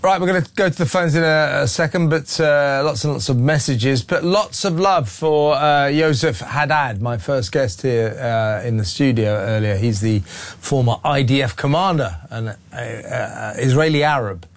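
A man's voice: medium pitch, normal speed, few pauses. Blunt opinionated radio host man. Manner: blunt, opinionated, rising to heated. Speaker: radio talk show host. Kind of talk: phone-in talk radio.

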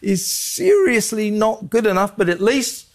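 A British man with a fairly high voice hosts a political chat show. He talks in a mocking, sarcastic way. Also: sing-song, measured pace. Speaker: host.

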